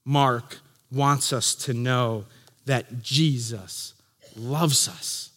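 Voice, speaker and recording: A man preaching a sermon as pastor, slow and earnest, letting his voice drop soft at the ends of phrases. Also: mid-range voice, in a large hall. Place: church chapel.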